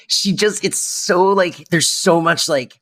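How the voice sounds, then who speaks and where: A man's voice: sits high, slow pace, a bit bright. A man co-hosting a podcast, gushing about a sitcom episode in casual chat, laughing and repeating himself. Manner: enthusiastic, laughing, repeats words while gushing. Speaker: podcast co-host.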